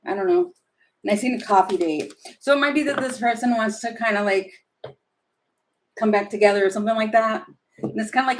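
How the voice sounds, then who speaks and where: A woman's voice: a little high, brisk, long pauses, slight background noise. A woman doing a casual live tarot reading, chatty and opinionated, rambling with many fillers and asides. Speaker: tarot reader.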